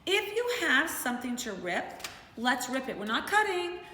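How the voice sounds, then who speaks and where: A woman's voice: high-pitched, moderate pace, a little hiss or hum. Cheerful teacher woman in a roomy echo. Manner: animated sing-song teacher voice, encouraging. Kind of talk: remote class lesson for young children. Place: home. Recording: roomy echo with faint ambience.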